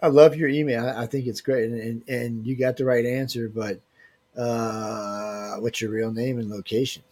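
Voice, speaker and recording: A man's voice: mid-range voice, steady tone, moderate pace, darkish tone. A man hosting a casual livestream giveaway, reading viewer emails aloud and teasing them with loose slang. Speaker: livestream host running a giveaway.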